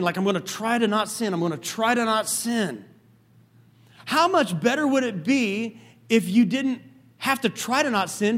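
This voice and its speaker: A man preaching a sermon as pastor, telling a story with lively asides. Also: high voice.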